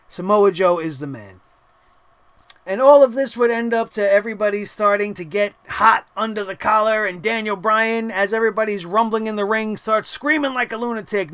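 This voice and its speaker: Young man, wrestling show host, high voice, smooth, dry close sound, casual profane recap. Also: dry recording. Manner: animated, profane, laughing asides.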